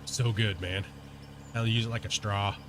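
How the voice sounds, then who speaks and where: A man streaming a game, chatting casually with his viewers in a relaxed, rambling way full of fillers. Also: lowish voice, normal speed, background noise. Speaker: gaming streamer. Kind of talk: casual chat with live viewers while playing.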